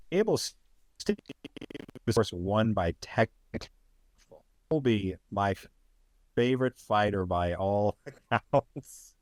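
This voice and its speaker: A man's voice: low voice, a little mellow, no room sound, clean studio sound. A man hosting a podcast in casual sports chat, rambling and wry with sarcastic asides. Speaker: podcast host.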